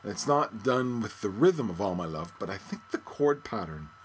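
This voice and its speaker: A man's voice: on the low side, lively intonation, moderate pace, a little hiss or hum. A man hosting a podcast, thinking aloud in casual music commentary. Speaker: podcast host.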